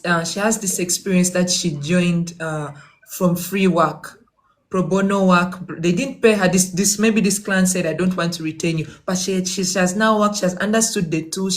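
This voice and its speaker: A woman's voice: fairly low pitch, normal speed. A woman from Uganda, a virtual assistant giving career advice to viewers in a casual motivational talk. She talks emphatically, repeats her key phrases and acts out little dialogues.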